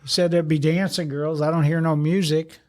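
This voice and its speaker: A man's voice: fairly high pitch, little pitch movement, moderate pace, a little mellow. An older man, a retired fire chief, telling rambling stories in an interview with blunt, salty, self-deprecating humor. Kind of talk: storytelling interview talk.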